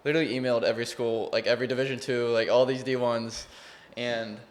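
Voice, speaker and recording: A man's voice: medium pitch, steady tone, quick pace. A young man from Texas with a Texan accent, a college baseball player guesting on a podcast, telling his story in an earnest, rambling way. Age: young adult. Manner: rambling, restarts often, earnest. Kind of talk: casual interview chat.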